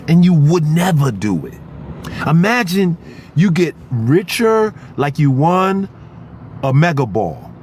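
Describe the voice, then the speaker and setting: Animated middle-aged man on a noisy street. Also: a little high. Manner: animated, emphatic, slangy. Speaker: actor. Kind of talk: casual street vlog rant. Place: outdoors on a street near traffic. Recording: noisy street recording with traffic.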